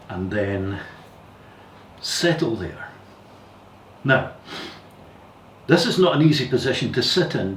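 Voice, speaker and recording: Calm man guiding yoga in echoey room. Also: medium pitch. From Scotland. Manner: calm, careful step-by-step guidance with repeated cautions. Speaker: yoga teacher. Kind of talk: guided yoga instruction. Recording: echoey room, distant mic, faint hiss.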